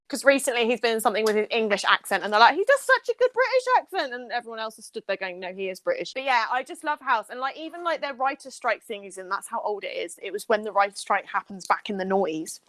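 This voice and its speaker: A woman's voice: medium pitch, fast, fairly bright tone, no echo. A woman who works as a nurse, chatting enthusiastically and rambling on a casual podcast. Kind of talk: casual chat.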